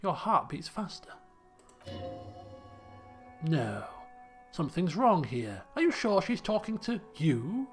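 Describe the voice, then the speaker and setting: A man hosting a game playthrough, reading narration in a lower, measured voice and adding wry comments. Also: very animated, soft background music. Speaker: let's play host.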